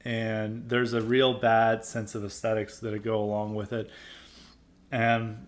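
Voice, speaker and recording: A man's voice: medium pitch, lively intonation, unhurried. A man hosting a podcast, giving a blunt, opinionated monologue that rambles with many restarts and filler words. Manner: dismissive and blunt. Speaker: podcast host.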